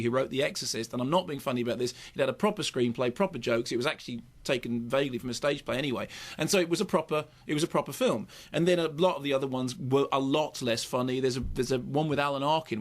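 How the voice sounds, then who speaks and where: A middle-aged British man reviewing a film on the radio, opinionated and digressive, often restarting his sentences. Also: medium pitch. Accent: British English. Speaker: film critic.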